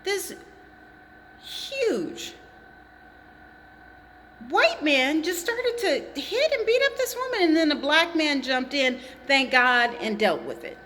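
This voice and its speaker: A woman's voice: high-pitched, animated, takes it slowly, long pauses, sharp tone, big-room sound, slight background noise. A woman talking straight to the camera in an impassioned monologue, with emphatic, accusatory phrasing and pointed repetition. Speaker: vlogger.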